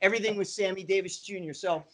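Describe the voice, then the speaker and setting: A man in his fifties, a guest musician on a podcast, tells enthusiastic, rambling anecdotes packed with "you know". He talks fast in a high voice with a steady tone.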